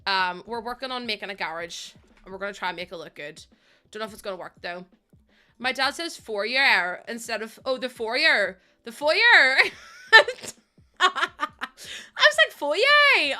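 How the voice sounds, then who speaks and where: Bubbly high-voiced streamer woman. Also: bright, forceful tone. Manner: giggly and chatty, greets viewers. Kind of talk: casual live-stream chat.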